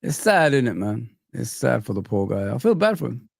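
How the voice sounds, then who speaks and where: Gravelly excitable football streamer man. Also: medium pitch, normal speed, no room sound, studio quality. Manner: excitable, reacts to clips and chat. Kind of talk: casual live-stream chat.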